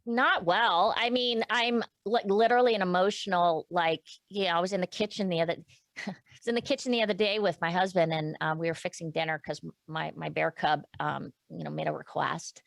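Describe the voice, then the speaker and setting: A woman's voice: on the low side, fairly even intonation, brisk, creaky, dry recording. Candid emotional woman, dry sound. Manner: candid, emotional, many restarts and fillers. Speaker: podcast guest. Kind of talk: casual interview chat.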